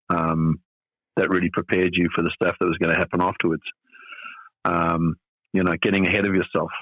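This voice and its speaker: A man's voice: deep voice, a bit bright, dry recording, dull audio. A middle-aged man from South Africa, a tennis coach being interviewed on a podcast, talking thoughtfully with many fillers and restarts.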